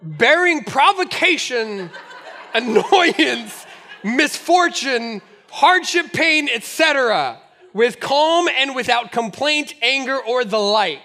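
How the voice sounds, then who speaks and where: A male pastor preaching with a very high, bright voice. He tells his stories with animated energy and laughs often as he goes. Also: takes it slowly. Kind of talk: sermon.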